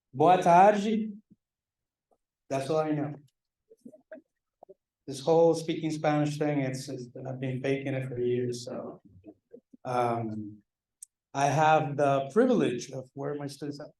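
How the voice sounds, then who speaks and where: A man's voice: medium pitch, a little mellow. A man, a department chair, presents student awards at a banquet in a loose, joking, self-deprecating way. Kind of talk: ceremony speech. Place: large banquet hall. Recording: echoey hall, mic far off.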